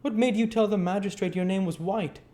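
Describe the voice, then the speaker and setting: A man voicing a brisk, kindly old gentleman with a hoarse, fussy voice, read from a storybook. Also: sits high, fairly even intonation, pitched above the performer's own voice, natural voice. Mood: blustering.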